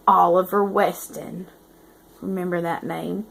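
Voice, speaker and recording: A woman's voice: medium pitch, lively intonation, normal speed, creaky, fairly bright tone. A woman author reading her book aloud and breaking off into self-mocking, chatty asides.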